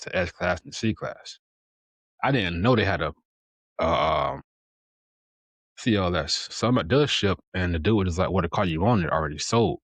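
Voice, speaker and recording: A man hosting a casual chat, relaxed, repeating words and quoting himself as he tells a story. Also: sits low, no echo. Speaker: podcast host.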